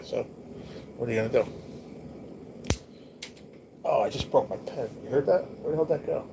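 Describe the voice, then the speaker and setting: A man's voice: mid-range voice, a little fast, pauses often, mellow. Blunt, cursing man on a noisy stream. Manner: blunt, profane, rambling talk to viewers. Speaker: livestream host. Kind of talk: casual livestream chat. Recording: noticeable background noise.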